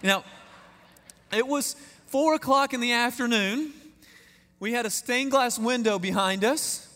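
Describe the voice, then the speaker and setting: Guest preacher, Texan man in his 30s, high-pitched voice, folksy storyteller, echoing church hall. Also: a little slow, bright, forceful tone. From East Texas. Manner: folksy, self-deprecating humor, addresses the congregation directly. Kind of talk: storytelling sermon. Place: large church sanctuary. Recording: echoey church hall reverb.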